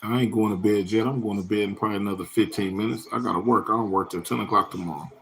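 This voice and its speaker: A man's voice: lowish voice, fairly even intonation, very fast, vocal fry, a little hiss or hum. A man hosting his own livestream in a loose, rambling, profane way, full of slang and answering viewers' chat comments by name. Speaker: livestream host.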